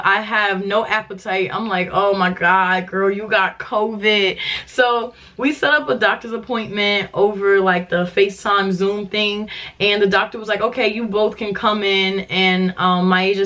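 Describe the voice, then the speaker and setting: A woman's voice: mid-range voice, a bit bright. A young woman telling a personal story to camera in a chatty, dramatic vlog style, with lots of "like" fillers. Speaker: vlogger.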